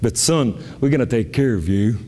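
A composed, smiling surgeon with a low, level voice, put on by a preacher in his sermon. The words echo with long reverb in a large hall. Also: flat delivery, moderate pace, warm tone, close to an everyday voice. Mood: calm. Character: calm smiling male surgeon.

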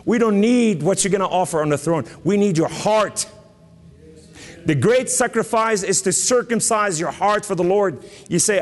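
A man with a southern Lebanese accent delivers a fervent sermon, swinging between ringing declarations and hushed, solemn stretches. His voice sits a little high for a man. The sound rings out with a long reverb, as in a large hall. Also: normal speed. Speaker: preacher.

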